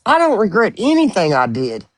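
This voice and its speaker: A woman's voice: medium pitch, moderate pace, no room sound. A woman in heated casual live-stream chat, blunt and profane, retelling a quarrel with lots of swearing. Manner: blunt, profane, animated retelling with voiced quotes.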